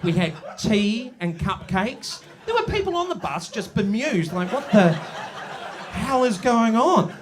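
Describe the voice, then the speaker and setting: Brief: New Zealand man on a pub stage mic, high and lively, crude punchlines. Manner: animated, crude, swings into loud shouted punchlines. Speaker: stand-up comedian. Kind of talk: live stand-up set. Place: live show in a village pub.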